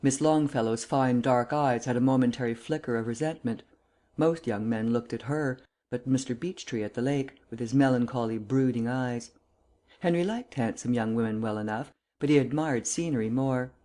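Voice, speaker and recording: Mellow-voiced male audiobook narrator. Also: medium pitch. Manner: measured, unhurried storytelling. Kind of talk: scripted narration.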